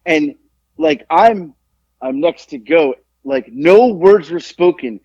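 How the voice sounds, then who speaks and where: A man's voice: slow, dull audio. A man co-hosting a podcast, telling a story in casual chat and acting out the people in it with big jumps in his voice. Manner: animated storyteller, acts out quotes with big pitch jumps. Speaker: podcast co-host.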